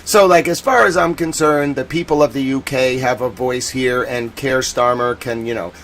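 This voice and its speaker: A man's voice: medium pitch, moderate pace, a little hiss or hum. Rambling American man hosting a live stream. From United States. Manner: rambling, chatty, slangy, with bursts of loud indignation. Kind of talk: casual live-stream commentary.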